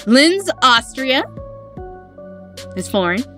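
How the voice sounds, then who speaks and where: Podcast co-host, woman, slightly high voice, blunt, teasing, casually profane, loud music underneath. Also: sing-song, takes it slowly. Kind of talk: casual chat. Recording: music playing loudly behind.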